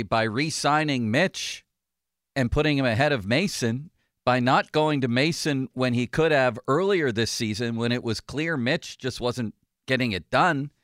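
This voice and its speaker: Opinionated sports talk host, dry studio. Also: male voice, mid-range voice, a bit bright, dry recording. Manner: opinionated, chatty.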